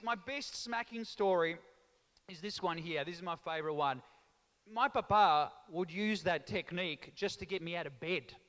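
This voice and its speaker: High-voiced comedian in an echoing hall. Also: male voice. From Australia, raised by Italian parents. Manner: animated storytelling with mimicry. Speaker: stand-up comedian. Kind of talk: stand-up comedy routine. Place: large town hall before a live audience. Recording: echoing town hall reverb.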